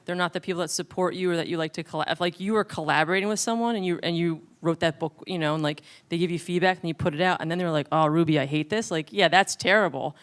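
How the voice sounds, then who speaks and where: A woman's voice: fairly low pitch, quick pace, hardly any pauses. A woman on a comedy panel, talking animatedly and acting out exchanges. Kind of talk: panel discussion.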